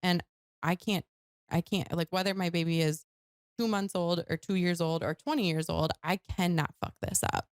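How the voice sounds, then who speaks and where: A woman's voice: lowish voice, steady tone, normal speed, dry recording, clean studio sound. A young woman guest on a podcast, talking candidly and casually, with lots of filler words and some swearing. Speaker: guest author. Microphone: handheld microphone.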